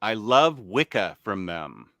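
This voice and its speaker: Guy hosting a livestream, bright clear voice, close dry mic, laughs a lot. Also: on the low side, very animated, takes it slowly, no echo. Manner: chatty, laughs often, loses his train of thought. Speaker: livestream host reading chat. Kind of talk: casual live chat.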